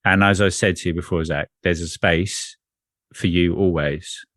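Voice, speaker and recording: A man speaking as an energy coach in a spiritual conversation, earnest and measured, often repeating phrases. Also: low voice, fairly even intonation, fairly bright tone, dry recording, studio quality.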